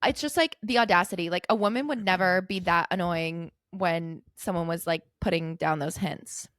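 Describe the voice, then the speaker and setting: A young woman from Idaho co-hosting a podcast, telling stories in an animated casual chat, full of "like" and "literally". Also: fairly low pitch, moderate pace, no echo, studio quality. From Idaho, USA. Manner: animated storyteller, heavy "like" and "literally" filler. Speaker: podcast co-host.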